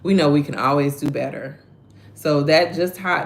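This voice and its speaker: A woman's voice: low-pitched, normal speed. A woman hosts a morning devotional, reading verses and commenting on them animatedly for her viewers. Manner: talks to viewers directly, reading their chat names. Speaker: devotional host.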